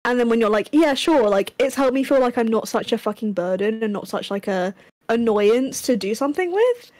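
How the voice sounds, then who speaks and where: A woman's voice: a little high, lively intonation, fairly quick, darkish tone, no echo, low-quality recording. A young woman chatting on a stream, earnest and rambling, running herself down. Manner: earnest, rambling, self-deprecating. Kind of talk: casual stream chat.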